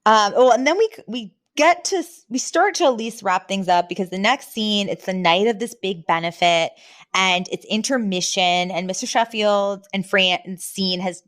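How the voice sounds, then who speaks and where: Animated woman recapping a sitcom. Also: mid-range voice, moderate pace, no echo. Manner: animated, laughs often, acts out quoted lines. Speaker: podcast co-host. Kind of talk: casual chat recapping a sitcom episode.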